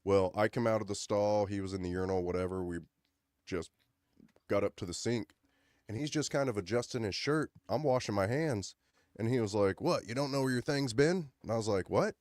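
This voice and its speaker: A man with a lowish voice tells loose, rambling stories on a studio podcast, slipping into voices for the people in them. He is close on the mic, and the sound is dry with no room ring. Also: a little fast, a little mellow, no echo. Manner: rambling anecdotes with acted-out quotes. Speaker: podcast co-host. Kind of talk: casual chat, storytelling.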